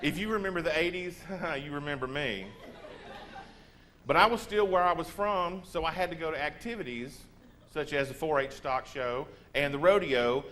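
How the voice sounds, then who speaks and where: A man in his forties with a Texan accent, giving a comic storytelling speech in a lively, self-mocking drawl. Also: on the high side, moderate pace, a little hiss or hum. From Texas. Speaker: humorous speaker.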